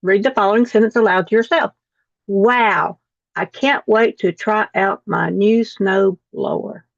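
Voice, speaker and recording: A woman's voice: mid-range voice, unhurried, gravelly, dry recording. Woman teacher reading lesson text to a video call class, dull and dry audio. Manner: reads text aloud, repeating words after slips.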